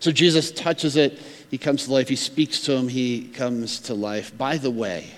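A man preaching a sermon, swinging between emphatic loud stretches and hushed near-whispers. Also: mid-range voice, steady tone, a little slow, long reverb tail. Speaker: pastor.

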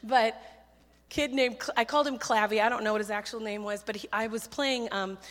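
A woman giving a sermon full of stories, talking in a chatty, animated, self-deprecating way with quick asides on a handheld mic in a church. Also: fairly high pitch. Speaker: children's ministry speaker. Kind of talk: sermon with storytelling. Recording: church hall reverb.

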